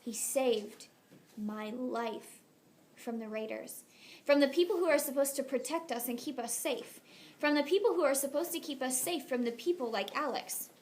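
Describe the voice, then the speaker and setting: A woman reading a first-person novel aloud as an audiobook narrator, in a soft, intimate, unhurried way. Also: high voice, slight background noise.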